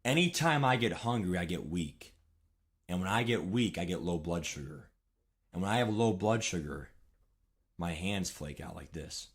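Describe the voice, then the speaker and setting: A man's voice: low-pitched, animated, moderate pace. A young man ranting casually on a live stream, rambling and heated, swearing often and talking straight to his chat. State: hungry and weak.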